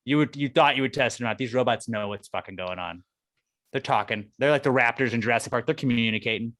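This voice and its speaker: A man's voice: mid-range voice, quick pace. A man co-hosting a podcast, ranting in casual chat with lots of swearing. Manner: profane, excitable, rants with put-on quotes. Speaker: podcast co-host.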